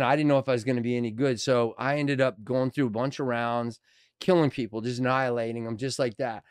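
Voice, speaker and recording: Animated middle-aged man, smooth voice. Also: mid-range voice, no room sound, studio quality. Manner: animated, acts out quotes with swearing. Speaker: actor guest. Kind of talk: casual storytelling.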